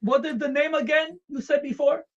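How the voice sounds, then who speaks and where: A streamer playing a devoted Russian communist comrade with a put-on Russian accent, speaking in deadpan, formal broken English on a comedic live stream. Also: high voice, normal speed, muffled recording, natural voice.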